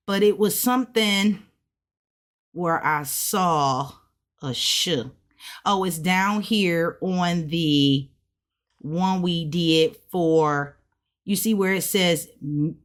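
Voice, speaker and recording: A woman vlogging about learning a language, chatting casually, laughing often and sounding out words slowly over and over. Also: on the low side. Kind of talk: casual explaining to camera.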